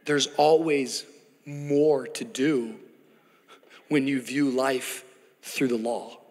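A man preaching a sermon as pastor, dramatic and building to shouts in a large church auditorium. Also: medium pitch, steady tone, drawn-out words. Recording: church hall reverb, faint music.

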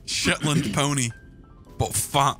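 A young man with an excitable, jokey manner, chatting casually while playing a game with friends. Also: a little high, slow, faint music behind. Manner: excitable, jokey, shouts when scared. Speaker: gaming channel host. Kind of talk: casual gaming banter.

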